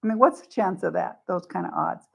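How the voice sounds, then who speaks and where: A woman's voice: on the low side, fairly quick, vocal fry. A woman candidate, a guest on a radio talk show, explaining her views in conversational talk. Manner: conversational, explains at length with restarts. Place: radio studio.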